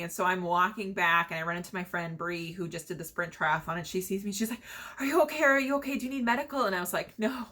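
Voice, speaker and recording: Chatty young woman with a bright voice. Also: lowish voice. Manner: chatty, laughs often, many fillers. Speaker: vlogger telling her story. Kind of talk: casual storytelling.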